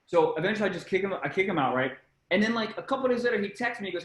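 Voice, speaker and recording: A man's voice: on the high side, racing, roomy sound, low-quality recording. A young man, a comedian guest, telling a story in casual chat, swearing freely and acting out the voices in it.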